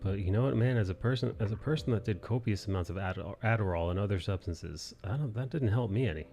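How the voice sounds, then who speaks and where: Low-voiced man, rambling stream host. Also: fast, a little mellow, faint music behind. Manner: rambling, laughs often. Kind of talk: casual chat.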